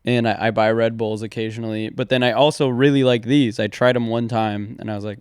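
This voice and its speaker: Laughing young man with a smooth voice. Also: mid-range voice, fairly even intonation, a little fast, darkish tone, no room sound, studio quality. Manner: laughs often, rambling, repeats words. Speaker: podcast co-host. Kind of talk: casual chat.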